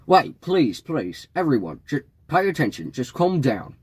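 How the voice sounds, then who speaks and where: A man voicing a young bandmate who calmly announces a fake death to a rowdy crowd, speaking loudly like a stage announcement. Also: a little high, a little slow, slightly rough, no echo, voice pushed up, exaggerated voice. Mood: announcing.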